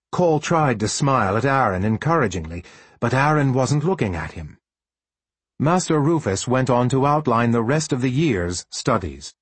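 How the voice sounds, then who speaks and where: A man reading a storybook aloud as an audiobook narrator with expressive storytelling. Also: mid-range voice, moderate pace, slightly rough, dry recording. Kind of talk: scripted narration.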